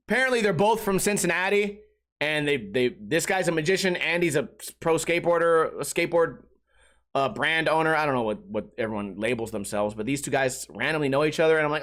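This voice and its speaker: A man's voice: fairly high pitch, expressive, fairly quick, fairly bright tone. A young man hosting a podcast, telling a rambling casual story, acting out quotes and laughing often. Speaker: podcast host.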